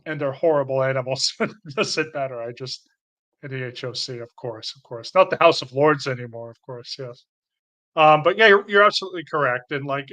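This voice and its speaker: A man's voice: on the high side, sharp tone. A man hosting a casual commentary, rambling, laughing and restarting phrases as he talks. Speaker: host.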